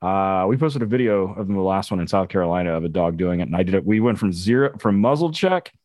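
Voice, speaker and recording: Man, police dog trainer, rough profane storyteller, lower pitch, dry. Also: lively intonation, fast talker, a little mellow, no room sound. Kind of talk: casual podcast chat.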